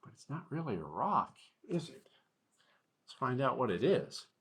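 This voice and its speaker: A man's voice: medium pitch, sing-song, normal speed, fairly bright tone. A man, a school superintendent, reading a picture book aloud to children and asking them questions as he goes. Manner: asks young listeners questions while reading.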